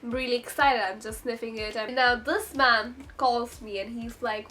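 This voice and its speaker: A young woman telling a story in a chatty, excitable vlog, breaking into sudden high squeals. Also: normal speed, few pauses. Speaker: vlogger.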